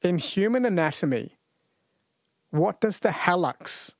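Aussie radio guy running a quiz, bit high voice, dead dry studio. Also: lively intonation, a little slow, gravelly, dry recording. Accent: Australian. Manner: chatty and jokey, laughs often. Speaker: radio host. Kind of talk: casual radio chat and quiz. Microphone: studio mic.

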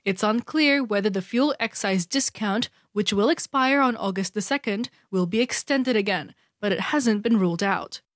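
A woman delivering a news report in a crisp, formal way. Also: mid-range voice, moderate pace, few pauses, no echo, clean studio sound.

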